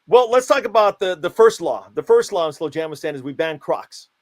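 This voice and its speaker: Deadpan mock-stern man, fairly high voice. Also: brisk. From United States. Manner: mock-stern, playfully absurd. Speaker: guest, self-declared country founder. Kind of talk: deadpan comedic interview answers.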